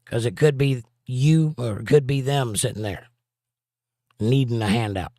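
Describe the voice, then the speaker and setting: Brief: male stream host, mid-pitched, dry close sound, jokey and wry as he answers chat. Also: a little slow, dark tone, dry recording. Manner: joking, wry, laughs at his own jokes. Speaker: livestream host. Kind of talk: casual livestream chat, reading comments aloud.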